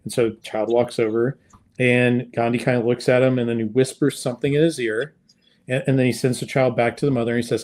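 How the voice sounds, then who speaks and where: A man's voice: medium pitch, fairly quick, darkish tone. A man guest on an interview podcast, talking casually with many fillers and restarts as he tells a story. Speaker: podcast guest, sales consultant.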